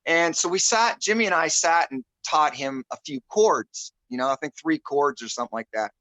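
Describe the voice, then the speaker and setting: Searching for words between fillers and pauses, a male musician guest tells a casual, meandering story over video call. He sounds high-pitched, bright and forceful, the audio poor though free of echo.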